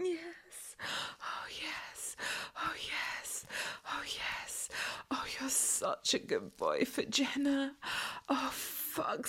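A woman in a whispered role-play as a masseuse, talking in slow, teasing, breathy whispers. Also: sits high.

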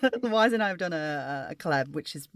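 A woman's voice: low voice, animated, fairly quick, heavy background noise. A woman hosting a casual interview, chatty and rambling, with many restarts and laughs. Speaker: podcast host.

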